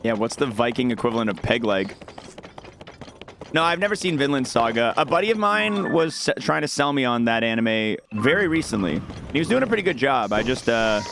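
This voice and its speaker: A man's voice: medium pitch, very animated, brisk, vocal fry. A young adult man streaming a game, chatting casually and rambling as he answers his chat. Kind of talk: casual live-stream chat while gaming. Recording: background noise with mouse clicks.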